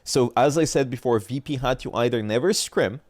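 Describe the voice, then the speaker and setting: A man's voice: medium pitch, fairly quick, no room sound, studio quality. A young man with a stuffy nose, commenting on an esports match in blunt, profane, rambling talk on a livestream. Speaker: esports streamer.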